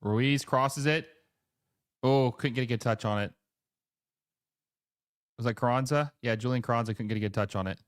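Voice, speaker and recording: A man hosting a live football watch-along, calling the play with quick excited bursts and chatting with his viewers between moments. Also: medium pitch, no room sound, clean studio sound. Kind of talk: live match commentary and chat reading.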